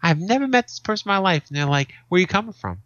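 A man co-hosting a podcast, telling stories in a casual, profane, animated way. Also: sits high, fast talker, no echo, dull audio. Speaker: podcast co-host. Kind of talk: casual chat.

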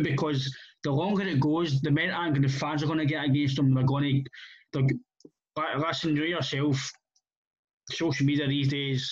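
Scottish male host, casual football rant, blunt and rambling, a bit high-pitched, muffled recording. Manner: blunt, swearing, rambling restarts. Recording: muffled lo-fi audio.

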